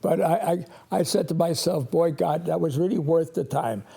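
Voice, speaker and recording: An eighty-something priest hosting a call-in show speaks with a fairly high, warm voice showing vocal fry and a breathy edge. His stories come out halting and rambling, full of restarts and little chuckles.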